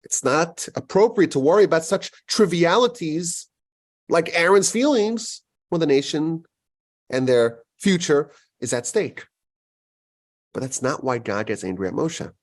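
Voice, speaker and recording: A man giving a Torah lecture as a rabbi, animated and acting out quoted voices. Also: unhurried. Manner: animated, acts out quoted voices with big pitch jumps.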